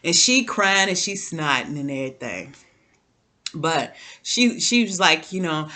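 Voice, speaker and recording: Woman, casual TV recap chat, AAVE speech, animated, bright tone. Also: low voice, measured pace. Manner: animated, talks straight to viewers, repeats words. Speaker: TV recap vlogger.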